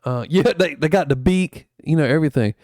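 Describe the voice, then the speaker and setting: A man's voice: a little high, brisk, a little mellow, dry recording, studio quality. A man streaming in a rambling, laid-back chat full of fillers, going over his travel photos. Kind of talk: casual chat.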